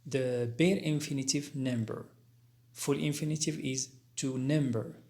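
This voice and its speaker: Male teacher, mid-pitched, unhurried recorded lesson, methodical, spells words letter by letter. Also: steady tone, a little mellow. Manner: slow, deliberate explaining with spelled-out letters; careful pauses and fillers. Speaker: English teacher.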